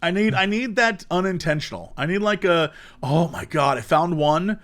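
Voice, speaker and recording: A man's voice: sits high, moderate pace. A young man co-hosting a podcast, chatting casually and acting out the voices in his stories. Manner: animated storytelling with mimicked voices. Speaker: podcast co-host. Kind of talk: casual chat.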